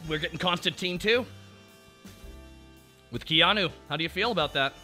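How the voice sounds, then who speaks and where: A man hosting a casual stream chat, talking excitably and swearing freely. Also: a little high, moderate pace, soft background music. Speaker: streamer host.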